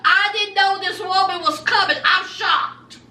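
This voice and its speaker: A woman's voice: extremely high pitch, fairly even intonation, measured pace, bright, forceful tone, echoey room, far from the mic, full character voice. A woman voicing a flustered, apologetic man who stammers and pleads. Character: flustered apologetic man caught in a love triangle.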